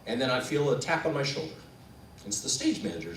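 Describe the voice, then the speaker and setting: A man's voice: on the high side, fast talker, slight background noise. A man telling a personal story live on stage, acting out the people in it. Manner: animated, acts out the people in his story. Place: event room at a coffee house performance. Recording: roomy room, voice from a distance, faint ambience.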